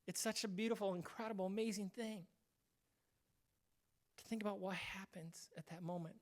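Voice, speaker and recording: A man's voice: sits high, steady tone, normal speed. A male pastor giving a casual, conversational sermon, acting out short quoted voices now and then.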